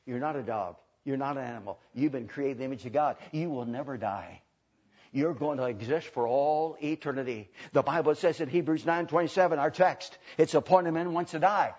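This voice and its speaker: Male preacher, husky high voice, dramatic sermon from hush to shout, dull lo-fi sound. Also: a little fast. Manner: swings from hushed to shouting, dramatic emphasis. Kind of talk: fiery sermon. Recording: dull lo-fi recording.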